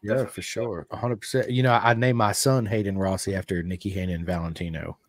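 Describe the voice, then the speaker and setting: A man's voice: low voice, steady tone, fairly quick, dry recording. A middle-aged man hosting a podcast, chatting in a rambling, enthusiastic fan's way. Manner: enthusiastic, rambling fan talk. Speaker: podcast host. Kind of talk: casual interview chat.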